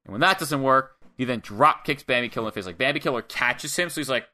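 A man's voice: medium pitch, expressive, fast, sharp tone. A young man co-hosting a casual podcast, rambling through a play-by-play recap and acting out little quotes. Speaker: wrestling podcast co-host.

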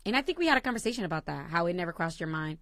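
A young adult woman co-hosting a casual chat, telling stories in an animated way and swearing freely. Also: fairly low pitch, very fast, dry recording. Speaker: co-host.

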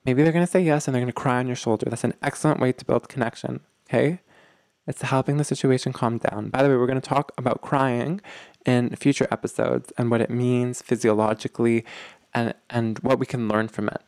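A man's voice: mid-range voice, fairly even intonation, fairly quick, a little mellow, no echo. A man hosting a relationship advice talk, speaking earnestly and emphatically, often checking in with the listener and rambling with many fillers. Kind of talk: direct-to-audience advice talk.

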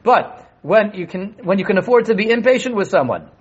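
Animated husky-voiced rabbi teaching. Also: male voice, high-pitched, a little fast. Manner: animated, rhetorical questions, acts out voices. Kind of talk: Torah class to a live group. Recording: dull lo-fi room recording.

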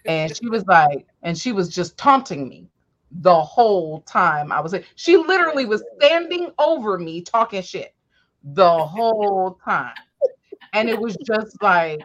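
A woman telling animated, profane stories from her youth in a casual chat. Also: medium pitch, normal speed. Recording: dull lo-fi audio.

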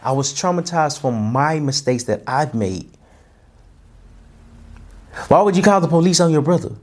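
Animated storytelling man, fairly high voice. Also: normal speed. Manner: animated, conversational, repeats and restarts. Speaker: host. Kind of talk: personal storytelling talk.

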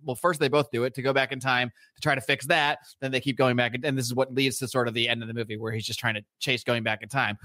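A man's voice: fairly high pitch, no room sound, clean studio sound. A man co-hosting a podcast, ranting in casual chat with lots of swearing. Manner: animated, profane, ranting. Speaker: podcast co-host.

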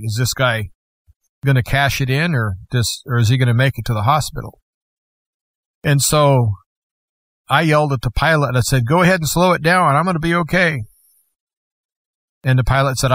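A man's voice: mid-range voice, no room sound. Guy guest-hosting telling his own story, plain talk, bit of dry humor, dry close mic. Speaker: guest host. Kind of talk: personal testimony.

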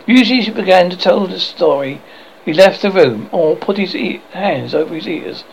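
A man reading a classic children's novel aloud as an audiobook narrator, expressive and lively. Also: sits high, normal speed, gravelly, highs cut off, a little hiss or hum. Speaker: audiobook reader.

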